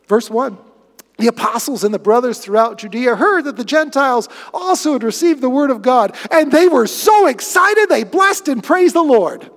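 A male pastor preaching a sermon in an animated way, swinging between excitement and hushed asides. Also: extremely high pitch, moderate pace. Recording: echoey hall.

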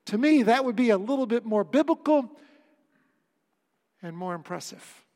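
High-voiced male pastor in reverberant hall. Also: animated, normal speed, mellow. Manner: earnest, emphatic preaching with wry asides. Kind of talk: sermon. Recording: long reverb of a church hall.

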